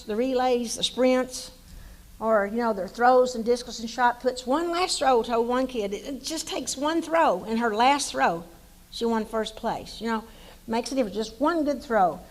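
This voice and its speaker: A woman's voice: fairly high pitch, rough recording. An older woman with an East Texas accent, a former coach giving a folksy, rambling acceptance speech at a banquet and telling stories with many restarts. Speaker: hall of fame inductee, former coach.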